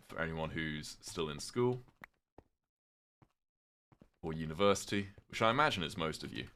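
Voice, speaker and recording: A British man casually chatting with his viewers on a livestream, reading chat aloud, swearing freely and reacting with sudden loud outbursts. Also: low-pitched, clean tone. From Britain.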